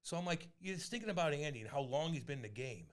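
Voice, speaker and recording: A man co-hosting a podcast, ribbing his co-host with loud, profane storytelling in casual banter. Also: a little high, expressive, rapid-fire.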